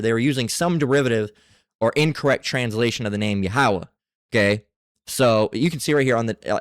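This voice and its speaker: A man giving a casual scripture lesson, reading passages aloud and talking in a halting way with many fillers and restarts. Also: mid-range voice, no echo, studio quality. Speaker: religious teacher.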